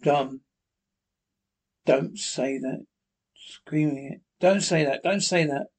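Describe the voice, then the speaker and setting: A man's voice: on the high side, slow pace, a little mellow, husky. A man reading the part of a nervous, secretive husband who keeps repeating himself anxiously. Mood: tense.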